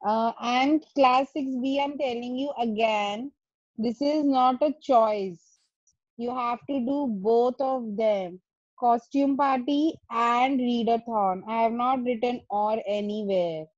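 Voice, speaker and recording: Over a video call with muffled, lo-fi, dry audio, a woman teacher gives her class instructions firmly, repeating and rephrasing them to drive the point home. Her voice is fairly high and she speaks slowly.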